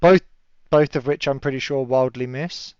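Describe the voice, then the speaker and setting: A man's voice: mid-range voice, fairly even intonation, moderate pace, a little mellow, clear, resonant tone, no room sound. A man running a tabletop game as game master, chatty and laughing often, with lots of fillers. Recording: dull lo-fi audio.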